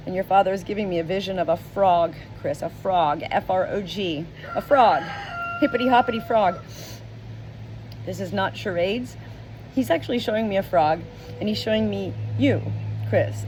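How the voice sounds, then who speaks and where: A middle-aged woman speaking as a spiritual medium, slow and emotional, often repeating words, tearful at times. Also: medium pitch, darkish tone. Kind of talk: channeled message video. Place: outdoors with roosters nearby. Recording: roosters and outdoor noise behind.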